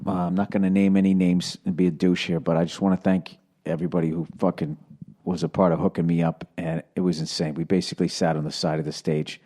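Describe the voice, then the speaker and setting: A man's voice: sits low, level tone, fast talker, dark tone. A man in his forties hosting a casual solo podcast, with a Boston accent, rambling and sarcastic, swearing freely as he tells stories. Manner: rambling, profane, sarcastic storytelling. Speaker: podcast host.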